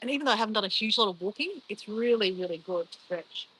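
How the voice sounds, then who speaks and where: A woman's voice: mid-range voice, animated, fast, a bit bright, slight background noise, rough recording. An Australian woman chatting casually and bubbly on a travel live stream, reacting to her viewers.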